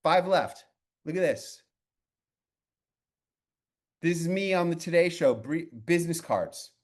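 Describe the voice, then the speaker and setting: Blunt, animated male media coach. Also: a little high, slow. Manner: blunt, animated storyteller, casual swearing. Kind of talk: coaching session with storytelling.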